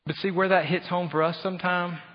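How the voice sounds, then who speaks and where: A husky male pastor preaches in a big church hall, and his voice trails off into a long reverb. He is animated and slips into other people's voices to make his point. The sound is slightly dull. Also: high voice, brisk. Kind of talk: sermon.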